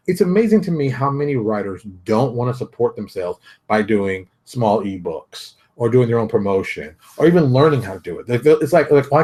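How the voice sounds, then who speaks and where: A man hosting his own daily show, talking casually from his home office in a blunt, animated, ranting way. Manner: blunt, animated ranting with big pitch jumps. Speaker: host. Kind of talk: casual solo vlog commentary.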